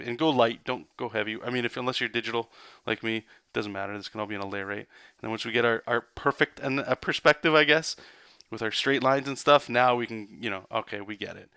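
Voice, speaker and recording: A man's voice: fairly low pitch, creaky, pushed and bright, clean tone, no room sound, clean studio sound. A man, a comic artist, giving a loose, rambling live drawing lesson. He talks casually, swears, and keeps checking in with "right?" and "okay?".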